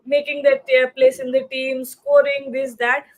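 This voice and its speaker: A woman with a high voice co-hosts a live cricket talk show. She talks in loose, rambling sentences full of fillers and restarts, and she reads viewer comments aloud. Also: little pitch movement, unhurried, darkish tone, highs cut off. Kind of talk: live post-match discussion.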